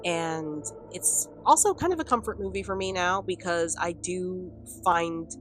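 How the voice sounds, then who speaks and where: Woman commentator, lower register, casual vlog ramble full of "like" and "um". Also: a little slow, a bit bright, a little hiss or hum. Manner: rambling, filler-heavy with frequent "like" and "um"; chatty, laughs between points. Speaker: video commentator. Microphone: camera on a stand.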